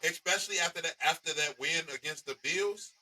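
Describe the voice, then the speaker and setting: Male podcast guest, bright sharp voice, slangy sports trash talk. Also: fairly high pitch, brisk, slight background noise, low-quality recording. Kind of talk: casual sports podcast banter.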